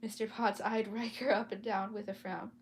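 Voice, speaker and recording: A woman's voice: medium pitch, little pitch movement, normal speed. Chatty woman reading a novel aloud. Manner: chatty asides, stumbles and self-corrections. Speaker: storyteller. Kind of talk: casual read-aloud of a novel.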